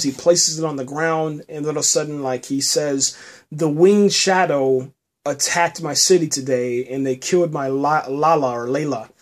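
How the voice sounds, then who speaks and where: A man hosting a podcast, recapping a TV episode in a loose, halting way, often restarting and tacking "man" onto his sentences. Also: on the high side. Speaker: podcast host reviewing a TV episode. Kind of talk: casual spoken review.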